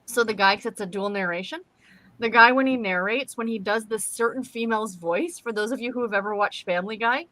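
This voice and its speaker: A woman chatting about books on a video call, telling animated stories and laughing at her own jokes. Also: on the high side, fairly quick, no echo, rough recording. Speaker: guest reader on a book chat. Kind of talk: casual chat.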